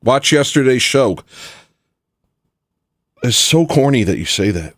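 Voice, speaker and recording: A man's voice: on the low side, animated, unhurried, pauses often, no echo. A man hosting a livestream and talking casually in a rambling, sarcastic way, dismissing a critic in his chat. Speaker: livestream host.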